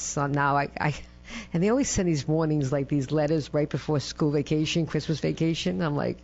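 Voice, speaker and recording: Middle-aged woman, chatty interview guest, lively storyteller, muffled lo-fi sound. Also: low-pitched, fairly quick. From Massachusetts. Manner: lively storyteller, acts out quotes, ends phrases with "right?". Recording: dull lo-fi with mains hum.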